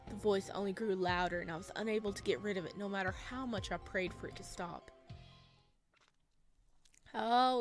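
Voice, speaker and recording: A woman reading a visual novel aloud, narrating and reacting out loud between lines. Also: mid-range voice, moderate pace, long pauses, soft background music.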